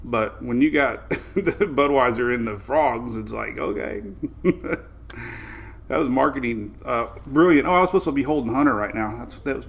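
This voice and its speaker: An upbeat man chats loosely on his own live stream, greeting viewers one by one and laughing as he rambles. His pitch sits mid-range for a man. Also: fairly bright tone, slight background noise. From Florida. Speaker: host of a weather live stream. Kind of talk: casual live-stream chat.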